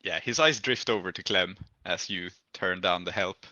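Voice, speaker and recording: A man's voice: low-pitched, moderate pace, bright, forceful tone, dry recording, muffled recording. A man narrating a tabletop game as game master in a wry manner, dropping his voice for characters' lines.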